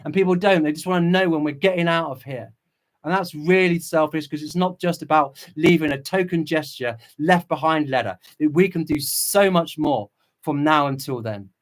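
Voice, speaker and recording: Impassioned preachy man, fairly high voice. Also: normal speed. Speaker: channel host. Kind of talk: livestream commentary reading viewer chat.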